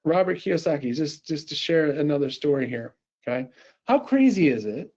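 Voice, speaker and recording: A middle-aged man gives a lively sales pitch and walks through a software demo, his voice sitting fairly high for a man. He talks fast and conversationally, often restarting his sentences. The audio sounds dull and a bit lo-fi. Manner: energetic, conversational, full of quick restarts. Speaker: sales presenter.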